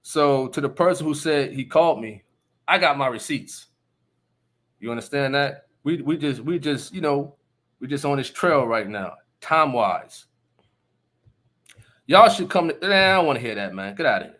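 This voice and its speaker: A man's voice: mid-range voice, animated, moderate pace, a bit bright. A man hosting a casual live stream, talking emphatically and often asking listeners if they understand. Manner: laughs between remarks. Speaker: livestream host.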